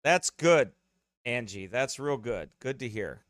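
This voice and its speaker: A man's voice: medium pitch, expressive, takes it slowly, a bit bright, no room sound. A man who pastors, chatting casually with his streaming congregation in a rambling way, full of restarts, speaking close to a desk mic beside his streaming computer.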